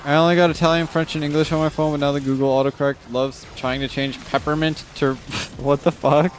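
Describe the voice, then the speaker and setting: A man's voice: little pitch movement, a little fast, a little hiss or hum. A man streaming live, ranting casually with lots of swearing while reading chat comments. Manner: ranting, frequent swearing, rising exasperated pitch. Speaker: livestreamer.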